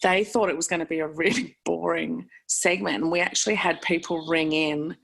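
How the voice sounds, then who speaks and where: An Australian woman in casual podcast chat, a lively storyteller who swears freely and laughs often. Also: on the low side, normal speed, creaky, slightly rough.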